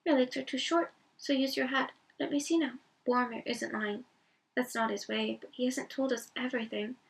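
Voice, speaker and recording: A woman's voice: sits high, fairly even intonation, moderate pace, gravelly, distant mic. A woman voicing Sam, a loyal, anxious male hobbit, with an earnest, rustic way of talking. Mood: fretful.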